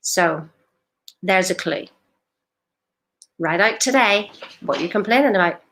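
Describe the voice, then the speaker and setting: Woman life coach, lowish voice, blunt and emphatic on a live stream. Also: measured pace, pauses often, fairly bright tone. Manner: direct, emphatic, rhetorical questions.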